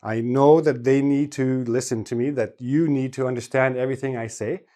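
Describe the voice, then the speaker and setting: A young Canadian man gives an English lesson straight to his viewers. He speaks slowly and deliberately, stressing every syllable so each word can be caught. His voice is of ordinary pitch for a man. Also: fairly even intonation, warm tone. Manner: slow, carefully enunciated, stresses each syllable. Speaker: English teacher. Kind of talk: scripted lesson to camera.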